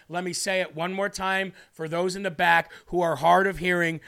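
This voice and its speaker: A man's voice: high voice, steady tone, normal speed, gravelly, few pauses, sharp tone, clean tone. A man hosting a live show, reading scripture aloud and preaching with emphatic, repeated lines. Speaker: livestream show host.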